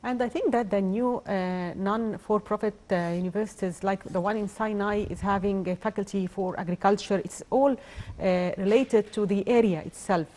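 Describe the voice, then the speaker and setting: A woman hosts a morning TV interview. Her voice sits at a middle pitch, and she asks polite questions padded with many fillers. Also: normal speed, mellow. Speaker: TV show host.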